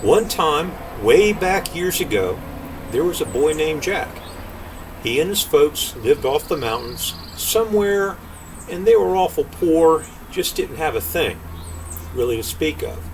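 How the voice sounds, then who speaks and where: An older man reading a folk tale in an unhurried, folksy drawl. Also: a little high, lively intonation. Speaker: storyteller. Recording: distant mic, faint air-conditioner hum.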